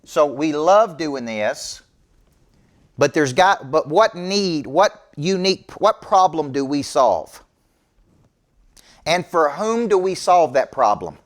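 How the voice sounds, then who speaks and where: In a slightly high voice with lively intonation, a middle-aged man speaks slowly as he gives an audience a motivational business talk. He's a business coach with an emphatic, preachy manner who keeps asking "okay?"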